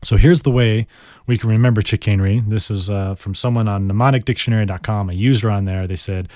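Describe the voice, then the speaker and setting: A man's voice: lowish voice, fairly even intonation, fast, a little mellow, no room sound, studio quality. A man hosting a casual vocabulary podcast, playful and chatty, savoring words and joking about himself. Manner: self-deprecating asides. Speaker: podcast host.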